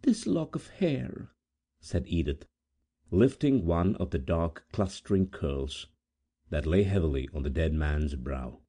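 A man reading a gothic tale aloud as an audiobook narrator, in a measured, solemn manner with dramatic pauses. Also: very deep voice, lively intonation, warm tone. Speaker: volunteer audiobook reader.

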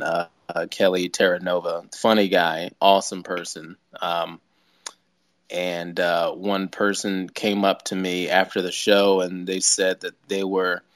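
A low-energy comedian speaks in a very deep register. He takes his time, fills pauses with ums and uhs, and the sound is dry, as if close to the mic. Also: flat delivery, dry recording. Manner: low-key, hesitant, many fillers. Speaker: stand-up comedian, podcast guest. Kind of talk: casual interview chat.

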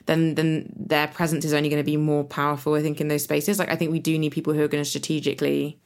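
A woman who co-hosts a podcast and works as a climate activist chats casually and frankly, her low, slightly mellow voice moving quickly with little change in pitch. Her talk is full of "like" and "um," plus the odd swear word.

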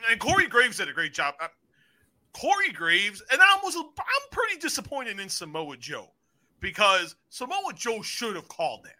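Excitable high-voiced male podcast host. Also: moderate pace. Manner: excitable, swears freely, acts out stories. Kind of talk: casual wrestling review chat.

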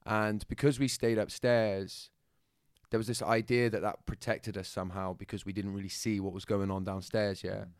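A man with a Bristol accent, a podcast guest calmly telling his life story, thoughtful and halting with fillers. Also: lowish voice, no echo, clean studio sound. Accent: Bristol English. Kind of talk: reflective storytelling.

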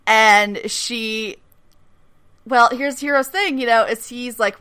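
This co-host's fairly high voice is pushed and bright, clear and resonant, and she talks slowly while casually, animatedly recapping a TV episode. Expect swearing, plenty of laughter, and impressions of characters' dialogue.

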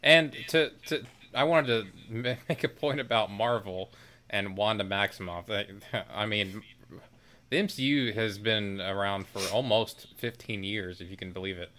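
A man's voice: lowish voice, moderate pace, pushed and bright, slight background noise. A man in casual chat, talking loosely and rambling a bit as a podcast co-host.

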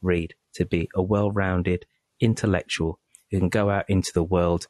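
A British man hosting a podcast, wrapping up an interview in a chatty, halting way with lots of fillers and repeated words. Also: low voice, level tone, darkish tone, no room sound. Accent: British English. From England. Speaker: podcast host. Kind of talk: casual interview wrap-up.

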